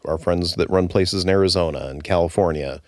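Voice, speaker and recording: A man, a former brewery owner, talking casually as a guest in an interview, relaxed and halting with restarts. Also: deep voice, no room sound, clean studio sound. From United States.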